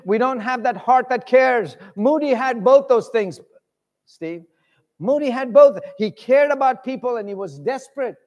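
A man preaching a sermon, preaching with force and shouting at his high points. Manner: shouts and swings his pitch widely for emphasis. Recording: long hall reverb.

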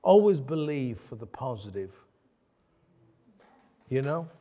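A man's voice: mid-range voice, big pitch swings, slow, dark tone, long reverb tail. A man pastor preaching a sermon, earnest and emphatic, asking his congregation rhetorical questions.

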